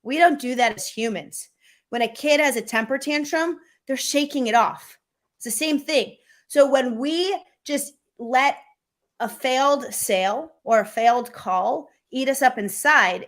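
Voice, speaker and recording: A middle-aged sales coach appears as a guest in a video-call interview, energetic and animated, acting out quotes as she tells her stories. Her voice is a little high.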